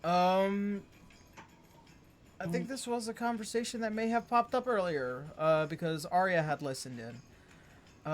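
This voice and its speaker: Halting, filler-heavy game master narration. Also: medium pitch.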